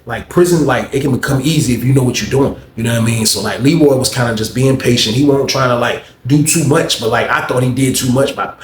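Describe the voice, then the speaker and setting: A young man telling a rambling, slangy story in a casual way, tossing in "man" and "you know what I mean" often. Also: mid-range voice. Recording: roomy echo with faint background noise.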